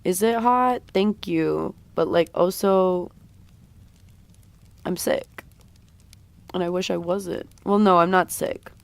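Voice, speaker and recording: A woman livestreams herself drawing and chats with her viewers at an unhurried, slow pace. Her voice sounds a little sick, yet it stays smooth and clean. The recording is dry and close, with no room sound. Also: lowish voice, no room sound. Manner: chatty, talks while drawing, reads and answers chat. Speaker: streamer. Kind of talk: casual drawing livestream chat.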